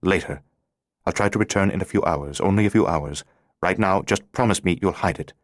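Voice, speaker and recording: A man's voice: low voice, a little fast, dry recording, studio quality, lightly acted. A man doing a terse, urgent male stranger.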